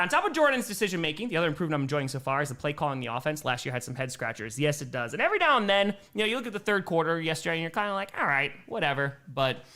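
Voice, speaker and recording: A man in his thirties chats through a relaxed live-stream Q&A, reading viewer questions and riffing on them. His voice is animated, swinging up and down in pitch. Now and then he breaks into a high, playful voice to talk to his cats. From Wisconsin, USA. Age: 30s. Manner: chatty, reads chat aloud and riffs, talks to his cats in a high baby voice. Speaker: streamer answering chat questions.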